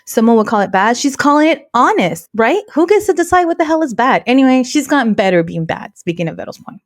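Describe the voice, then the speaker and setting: A woman's voice: fairly high pitch, expressive, fast talker, a little mellow. A woman co-hosting a podcast, chatting casually and telling stories animatedly, with Spanish words dropped in. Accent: Latina American English with Spanish words. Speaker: podcast co-host.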